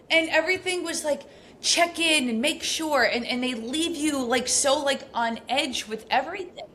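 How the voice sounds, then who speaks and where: A middle-aged woman, a podcast guest telling stories in a casual, animated way, full of fillers. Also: sits high, moderate pace, slight background noise. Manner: animated, acts out quoted speech, frequent fillers. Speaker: podcast guest, abuse recovery coach. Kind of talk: casual storytelling interview.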